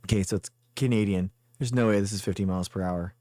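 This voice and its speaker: A man's voice: on the low side, steady tone, fast talker, warm tone, no room sound. A man streaming a guessing game live, rambling and thinking aloud as he plays. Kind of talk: casual live game commentary.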